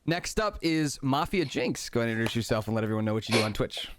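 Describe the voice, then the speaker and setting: A man's voice: medium pitch, lively intonation, quick pace, noisy background. A man hosting a tabletop game stream, chatting casually and rambling through introductions with fillers and restarts. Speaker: game master and stream host. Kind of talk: casual chat introducing players.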